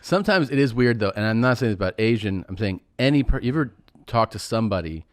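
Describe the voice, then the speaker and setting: A man's voice: fairly low pitch, animated, fast, no echo, clean studio sound. A man hosting a podcast in a joking tone, acting out imagined conversations. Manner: joking, acts out imagined dialogue. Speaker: podcast host. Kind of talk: casual podcast chat.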